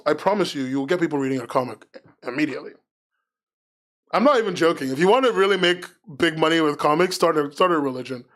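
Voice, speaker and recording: A fairly high-voiced man talking on a live stream. He rambles loosely, frank and self-mocking, and keeps the chat loose and unscripted. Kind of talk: casual livestream chat.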